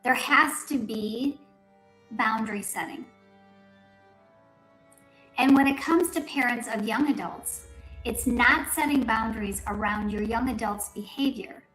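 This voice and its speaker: A woman speaking in a measured, instructive way, giving advice to parents in a played clip. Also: fairly high pitch, fairly bright tone. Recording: clip with room echo, faint music.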